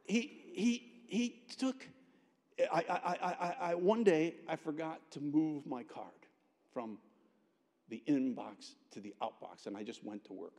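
A man preaching a chapel sermon, telling a personal story in an animated way with frequent restarts. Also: on the high side, a little slow. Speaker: pastor, guest chapel speaker. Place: college chapel. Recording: long chapel reverb.

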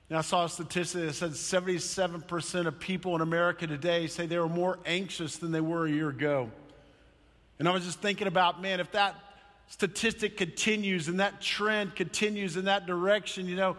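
A male pastor preaching a sermon in church, telling a story with lively energy and acting out quoted voices. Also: sits high, moderate pace, in a large hall.

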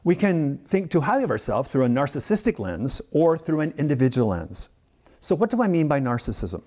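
Male pastor, sermon delivery; measured, explanatory, animated pitch, emphatic slowdowns. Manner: teacherly, explains words and context.

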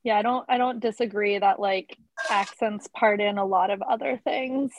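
A woman in casual podcast chat, animated and self-deprecating, with many filler words. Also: mid-range voice, moderate pace, noisy background.

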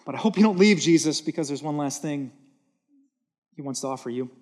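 A man delivers a sermon from a church stage in a voice pitched a little above the usual for men. He speaks earnestly and leans on repetition for emphasis. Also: expressive, brisk, a little mellow. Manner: earnest, emphatic, repeating words for stress. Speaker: pastor.

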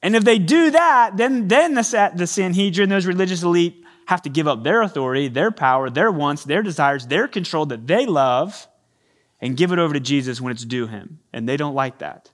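Male pastor, stage mic sermon, animated storyteller, slightly raised pitch. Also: moderate pace. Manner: animated, acts out quoted voices. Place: church stage. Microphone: handheld or stage microphone.

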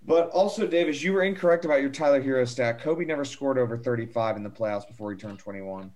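Wry young man with a mid-pitched voice. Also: fast, a little mellow. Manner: wry, mock-formal ribbing. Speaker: podcast co-host. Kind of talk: casual sports chat.

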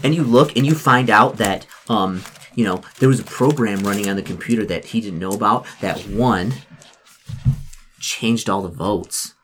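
A woman running a tabletop role-play game for kids, rambling with many restarts and quick voices for the characters. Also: rumbling low, a little hiss or hum. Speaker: game master.

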